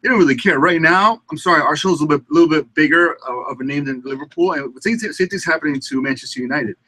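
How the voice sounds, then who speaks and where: Young guest talking fast and bright on a studio mic, pretty opinionated. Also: male voice, fairly high pitch, no room sound, poor audio. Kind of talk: casual sports radio chat. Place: radio studio.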